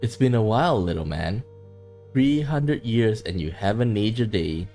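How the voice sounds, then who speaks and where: A man's voice: fairly low pitch, animated, gravelly, mellow, faint music behind. Man playing a taunting ancient witch. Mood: mocking. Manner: slow, taunting, condescending. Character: scheming, mocking ancient witch woman.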